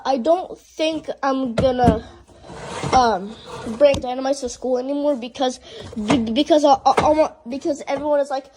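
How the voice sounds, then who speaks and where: A woman's voice: high-pitched, darkish tone, slight background noise, low-quality recording. A young woman vlogging with her cat, chatting casually in a playful, rambling way with many restarts.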